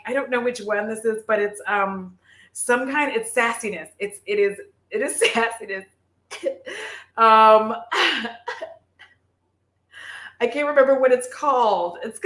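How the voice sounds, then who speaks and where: A woman's voice: a little high, a bit bright. Giggly rambling woman on a live stream, lots of likes and ums, echoey room. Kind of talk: casual livestream chat.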